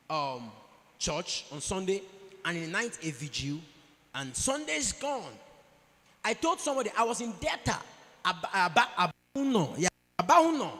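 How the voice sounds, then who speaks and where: Animated Nigerian man in echoey hall. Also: high voice. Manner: animated, preachy, acts out quoted voices. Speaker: conference speaker. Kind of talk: motivational speech.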